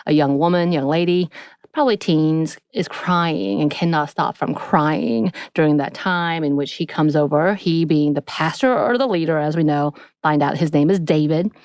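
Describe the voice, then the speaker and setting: A woman co-hosting a podcast, casually recapping a TV episode in a chatty, animated way. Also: deep voice, no echo. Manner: chatty, animated retelling with acted-out quotes. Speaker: podcast co-host.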